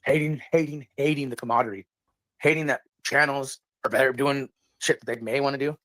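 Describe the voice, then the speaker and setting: A man's voice: mid-range voice, fairly even intonation, a little fast, fairly bright tone, no room sound. A man talking indignantly on a livestream, repeating himself. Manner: indignant, repetitive. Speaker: streamer. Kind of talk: livestream rant.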